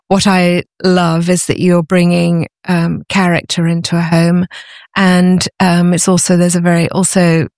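British woman with a gravelly, dry voice. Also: on the low side, dry recording. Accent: British English. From Britain. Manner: warm, repeats words when starting sentences. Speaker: guest, antiques business owner. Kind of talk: casual podcast interview.

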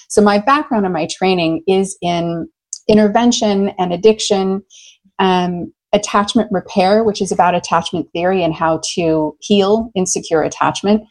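An American woman working as a love coach, telling stories in an enthusiastic, expressive way during an interview. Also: fairly low pitch, low-quality recording. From United States. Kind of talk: conversational interview.

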